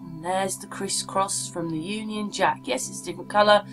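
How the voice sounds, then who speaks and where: A woman's voice: medium pitch, fairly even intonation, normal speed, fairly bright tone, soft background music. A woman vlogger talking casually and meanderingly while showing maps, often asking the viewer what they think. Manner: chatty, meandering, asks the viewer questions. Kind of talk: casual rambling commentary over maps.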